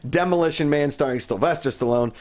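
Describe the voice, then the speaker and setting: A man hosting a studio movie podcast in casual chat, with an energetic manner and a quick laugh. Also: a little high. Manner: energetic, laughs easily, quick fact-dropping. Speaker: podcast host.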